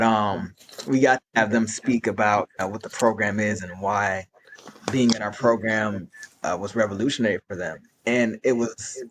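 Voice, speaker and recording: A man with a fairly low voice talks earnestly about his youth program. He pauses and rephrases as he looks for the right words. His tone is heartfelt and reflective. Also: a little hiss or hum. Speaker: youth program leader, guest. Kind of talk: reflective conversational storytelling.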